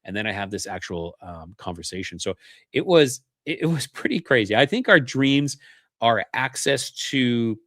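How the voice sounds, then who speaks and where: A man's voice: mid-range voice, sing-song, normal speed, a bit bright, dry recording, studio quality. A man from Canada, a podcast guest, telling a personal story in a casual, earnest way and acting out the remembered dialogue.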